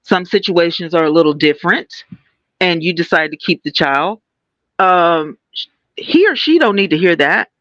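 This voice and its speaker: A woman's voice: lowish voice, expressive, normal speed, a bit bright, dry recording, muffled recording. A woman co-hosting a casual podcast, speaking candidly and personally with many fillers. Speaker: podcast co-host.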